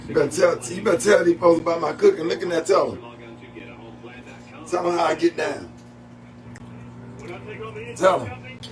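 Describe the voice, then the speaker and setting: A man's voice: a little high, a little slow, pauses often, faint music behind. A man hosting a casual vlog, teasing and arguing playfully about food in a home kitchen. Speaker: host.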